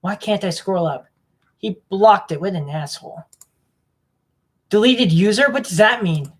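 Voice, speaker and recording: Here the young man's voice sits high and sounds husky, moving at a moderate pace. He's making a vlog, narrating to himself as he clicks around his computer, mumbling, wandering off topic and grumbling over what he comes across on screen.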